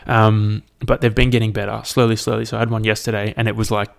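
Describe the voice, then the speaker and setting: A man's voice: fairly low pitch, level tone, fast talker, creaky. A young man, rambling and swearing casually as he hosts a solo podcast. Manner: rambling, sweary, self-deprecating. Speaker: podcast host.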